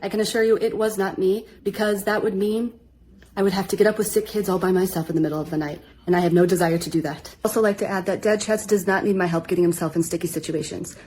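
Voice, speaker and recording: A woman giving a mock courtroom rebuttal to a jury in a dry, deadpan, matter-of-fact way. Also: fairly low pitch. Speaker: comedic vlogger, wife.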